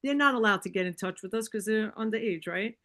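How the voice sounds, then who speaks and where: A woman's voice: mid-range voice, fast talker. A woman guest on a podcast telling personal stories in a casual way, acting out what people said and leaning on "like" and "right?". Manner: animated, acts out quoted dialogue; fillers like "like" and "right?".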